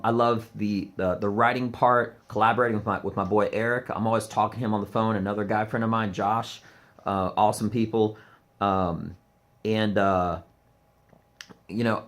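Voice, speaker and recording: A man with a somewhat low voice rants to camera in a loose comedy vlog. He rambles, restarts his sentences and leans on fillers, then punches his points hard.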